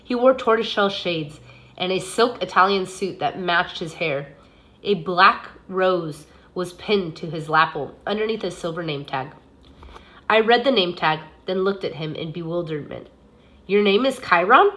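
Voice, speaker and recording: A woman teacher reading a novel aloud in a steady, expressive way. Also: lowish voice, normal speed.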